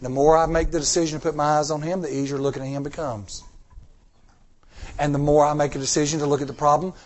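Emphatic preacher with a slightly high voice. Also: male voice, flat delivery. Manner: emphatic, slows down on key words, call-and-response. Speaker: pastor. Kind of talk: sermon.

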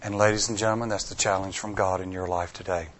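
A man's voice: deep voice, fairly even intonation, quick pace. Man preaching a dramatic sermon. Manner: dramatic swings from hushed to near-shouting; folksy, repeats lines for emphasis. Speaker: pastor.

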